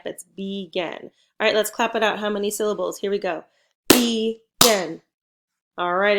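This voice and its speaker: A young woman teaching a phonics lesson to first graders, prompting patiently and praising often. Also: medium pitch.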